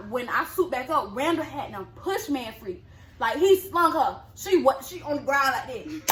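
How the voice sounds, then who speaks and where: A young woman telling a story in casual chat, animated, acting out quotes in a high yelling voice. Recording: echoey room with clear background noise.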